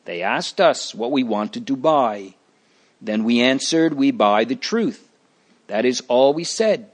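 A man voicing two patient male travelers in a storybook, who explain themselves earnestly and gently. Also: mid-range voice, lively intonation, takes it slowly.

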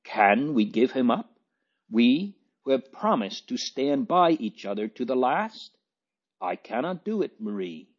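A man's voice: medium pitch, very animated, unhurried, voice pushed up. Bitter proud noble boy, as a man puts him on. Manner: bitter, abrupt. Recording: dull lo-fi recording.

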